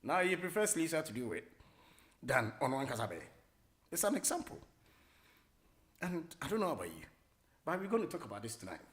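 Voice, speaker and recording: A middle-aged man with a Ghanaian accent hosting a radio talk show, rambling casually, mixing English with Twi and filling pauses with many hesitations. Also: a little high, very animated, fairly bright tone. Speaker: radio host.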